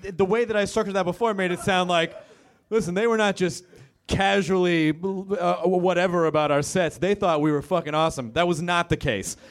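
A man on a comedy club stage telling a quick, profane story and then introducing the next comedian. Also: high voice. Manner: quick, self-correcting, profane banter. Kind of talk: stand-up set and act introduction. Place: comedy club stage before a live audience.

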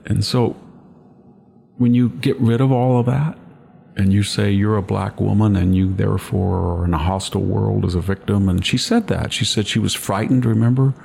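An older man with a very low, heavily gravelly voice hosts a commentary chat. He lectures emphatically and drifts into long personal anecdotes. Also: steady tone, moderate pace, mellow. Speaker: podcast host.

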